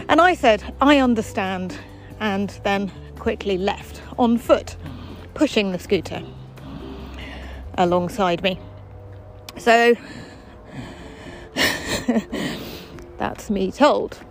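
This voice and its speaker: A woman's voice: mid-range voice, animated, slow pace, creaky, long pauses, faint music behind, poor audio. A woman hosting a daily walking podcast, chatting in a wry, self-deprecating way outdoors on a footpath. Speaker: podcast host. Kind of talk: casual chatty monologue while walking.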